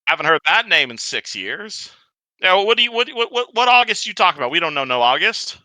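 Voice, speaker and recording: A man's voice: sits high, big pitch swings, fairly quick, dry recording, voice pushed up, full character voice, rough recording. A man voicing a dim-witted, jittery male guard who talks in broken, clumsy grammar. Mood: suspicious. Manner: broken grammar, nervous and loud.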